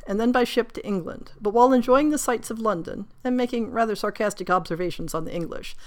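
A woman who hosts a podcast, summarizing and reading an old novel in a clear, measured way. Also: on the high side. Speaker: podcast host.

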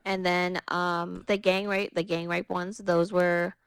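A woman's voice: fairly low pitch, unhurried, gravelly, clear, resonant tone, dry recording. A woman co-hosting a podcast, chatting casually and reading from her notes. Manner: relaxed, reads from her notes with fillers. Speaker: podcast co-host. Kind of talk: casual chat.

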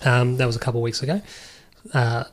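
Male podcast co-host, mid-pitched, brisk, confident sports chatter. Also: steady tone. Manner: quick, confident motorsport rundown with frequent ums. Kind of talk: casual sports chat.

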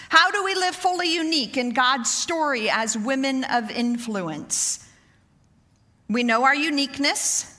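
A middle-aged woman giving a sermon to women, loud and animated in her delivery. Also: a little high. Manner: loud, animated preaching, says so herself. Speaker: women's ministry speaker. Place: church sanctuary. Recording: reverberant church hall.

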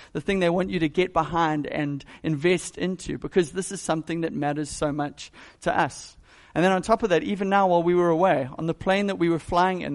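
A man's voice: a little high, gravelly. A male pastor giving a conversational, emphatic sermon.

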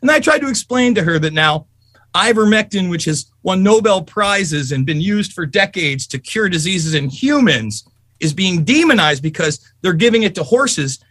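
A man ranting angrily on a podcast, swearing often as his voice swoops high and low. His tone is bright and sharp, recorded dry and close. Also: dry recording. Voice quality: profane, fast and animated. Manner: angry, emphatic storytelling. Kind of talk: heated political rant.

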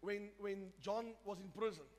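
A man's voice: high voice, steady tone, moderate pace. A man preaching a sermon, emphatic and repetitive, often restarting his phrases. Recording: reverberant hall with faint music.

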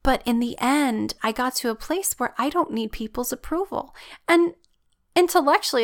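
A woman's voice: on the high side, animated, normal speed, gravelly, fairly bright tone. A woman giving an earnest, reflective personal faith testimony.

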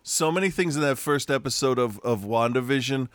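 A man's voice: medium pitch, brisk, very noisy. A middle-aged man, a podcast co-host, chatting casually from his room and telling stories full of restarts. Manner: rambling storyteller, frequent restarts and laughs. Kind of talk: casual chat. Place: home room.

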